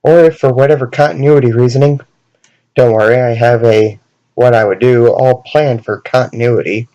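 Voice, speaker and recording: A man's voice: medium pitch, fairly even intonation, normal speed, warm tone, highs cut off. A man hosting a comedic commentary vlog, jokey and self-mocking, fond of puns. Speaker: video host.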